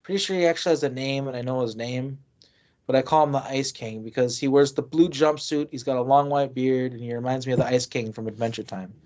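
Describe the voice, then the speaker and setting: A man's voice: medium pitch, fairly even intonation, quick pace, darkish tone, highs cut off. A man telling his own story as an interview guest, rambling and often restarting his sentences. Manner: loose, rambling, frequent restarts. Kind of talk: casual first-person storytelling.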